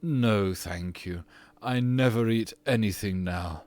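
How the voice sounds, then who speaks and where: In an audiobook reading, a man voices the ghost of an English nobleman, petulant, haughty and aristocratic, often drawing his words out slowly. His voice is fairly low-pitched and darkish, with no echo.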